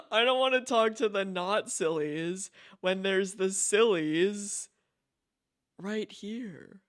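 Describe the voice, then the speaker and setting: A man's voice: high-pitched, takes it slowly, pauses often, a bit bright, smooth, dry recording. Giggly streamer guy, dry close mic. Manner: giggly, repeats words and restarts often. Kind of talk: casual chat.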